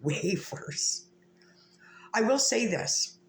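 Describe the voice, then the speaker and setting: A woman's voice: mid-range voice, animated, very slow, in a whisper. A woman vlogger delivering a heated, profane, confrontational rant to camera in an echoey room. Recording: echoey room with faint ambient noise.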